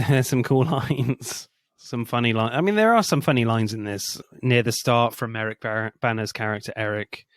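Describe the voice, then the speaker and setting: Lively man reviewing films. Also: moderate pace, hardly any pauses, no echo, studio quality. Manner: animated, laughs often, jumps high in pitch for jokes. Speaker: podcast co-host. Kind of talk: casual film review chat.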